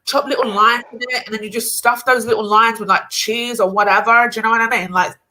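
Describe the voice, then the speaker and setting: A woman hosting a casual livestream panel over a video call, talking fast and loose with lots of fillers and slang. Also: fairly high pitch, fairly even intonation, pushed and bright, low-quality recording. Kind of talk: casual chat.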